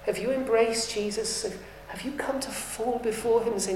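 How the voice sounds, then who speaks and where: A woman's voice: mid-range voice, moderate pace, darkish tone, slight background noise. A woman preaching a sermon, earnest and rising to fervent appeals. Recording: echoey room.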